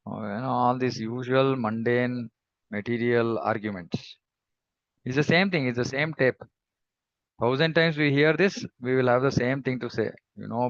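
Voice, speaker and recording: A man giving a devotional scripture class in a reflective, measured way, pausing often and humming between thoughts. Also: medium pitch, dry recording, muffled recording. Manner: reflective, measured, with pauses and hums. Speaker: scripture teacher.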